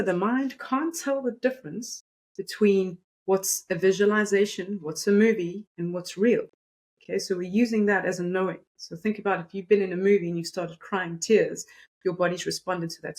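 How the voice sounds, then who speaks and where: A woman's voice: fairly low pitch, a little mellow, low-quality recording. A woman energy coach explaining breathing and compassion techniques in a guided, instructive way. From South Africa. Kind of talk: teaching interview talk.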